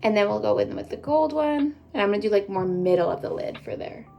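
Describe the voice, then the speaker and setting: A woman's voice: medium pitch, expressive, fast, creaky, mellow, faint music behind. A woman in her twenties from Canada, chatting casually to viewers while doing her makeup, bubbly and full of rambling asides. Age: 20s. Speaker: beauty vlogger. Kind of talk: casual get-ready-with-me chat.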